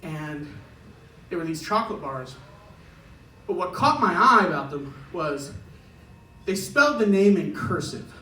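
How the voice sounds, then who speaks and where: A man's voice: a little high, expressive, measured pace, bright, forceful tone, echoey room, distant mic, a little hiss or hum, low-quality recording. A man doing a stand-up set in a club, chatty and chuckling through his punchlines. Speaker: stand-up comedian. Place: comedy club stage.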